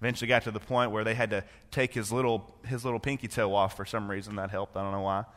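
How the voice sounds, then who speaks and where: Bright-voiced preacher in a reverberant hall. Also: male voice, on the low side, little pitch movement, fast talker. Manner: builds from quiet storytelling to impassioned preaching. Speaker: pastor. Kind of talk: sermon.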